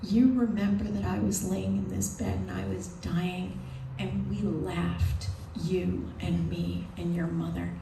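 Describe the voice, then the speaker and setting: A wry old grandmother on her deathbed, dry and no-nonsense, as a woman storyteller voices her. She speaks slowly, at an even middle pitch. The sound is roomy and distant, with a busy room behind it. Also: slight background noise. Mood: firm. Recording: roomy live venue from a distance.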